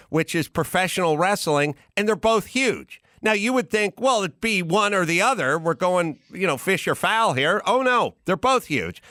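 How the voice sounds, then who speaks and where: A man hosting a podcast, chatting casually and riffing in a rambling, animated way. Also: fairly high pitch, smooth, no room sound, clean studio sound. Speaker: podcast host. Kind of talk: casual chat.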